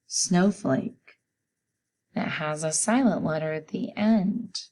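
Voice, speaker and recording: A woman teacher giving a spelling lesson for children, sounding out each letter slowly and patiently. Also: fairly low pitch, darkish tone.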